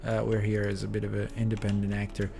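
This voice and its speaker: A man's voice: fairly low pitch, monotone, fast, gravelly, mellow, a little hiss or hum. A sleepy man streaming a video game, rambling through commentary with lots of fillers. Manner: rambling, hesitant, many fillers. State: sleepy, yawning. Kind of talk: casual let's play commentary.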